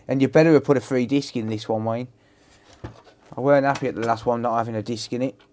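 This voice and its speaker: A man's voice: medium pitch, darkish tone, slight background noise. A man with a Black Country accent chatting casually to his live-stream viewers while repairing electronics, laughing often and addressing chatters by name. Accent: Black Country English. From England. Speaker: livestream host.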